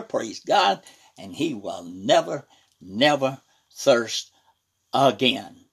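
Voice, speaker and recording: Husky, lively-voiced preacher man. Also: medium pitch, normal speed. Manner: punctuates with "praise God" and "hallelujah", swinging between loud and soft; reads scripture aloud with preaching emphasis. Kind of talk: sermon.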